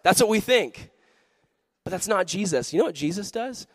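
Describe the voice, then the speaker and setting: A man preaching a sermon to a live youth audience, telling animated, jokey stories with lots of energy. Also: high-pitched, normal speed, no echo. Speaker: youth pastor.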